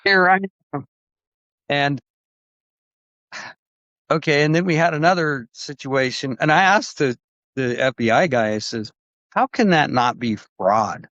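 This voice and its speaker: A man's voice: medium pitch, expressive, moderate pace, a bit bright, no room sound. Rambling male podcast guest, dull lo-fi. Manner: rambling, acts out quoted voices with restarts. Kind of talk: conversational storytelling. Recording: dull lo-fi dry recording.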